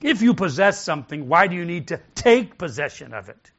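Preacher guy with a bright forceful voice, kinda high, congregation faint in the back. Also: big pitch swings, fairly quick, dull audio. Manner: builds from quiet coaching to loud shouted declarations. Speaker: pastor. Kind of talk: sermon with congregation call-and-response. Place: large church hall with congregation.

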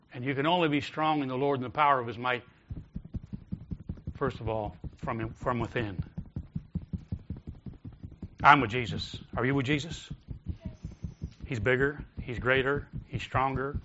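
Bright-voiced preacher in a church hall. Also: male voice, medium pitch, unhurried, long pauses, muffled recording, slight background noise. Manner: builds from quiet coaching to loud shouted declarations. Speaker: pastor. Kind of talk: sermon with congregation call-and-response. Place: large church hall with congregation.

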